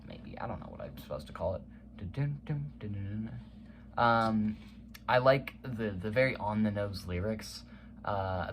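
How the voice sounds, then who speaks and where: This is an eager young music reviewer whose voice sits on the low side, chatting through a countdown of the songs he loves most. He hums and scats pieces of the tracks, fills his speech with fillers, and background noise can be heard.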